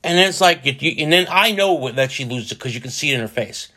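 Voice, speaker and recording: A man rambles through a casual solo podcast in a bright, forceful voice, pitched a little higher than most men. He jokes, swears and restarts his sentences as he goes. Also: animated, fast. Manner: rambling, profane, jokey, lots of restarts. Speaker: podcast host.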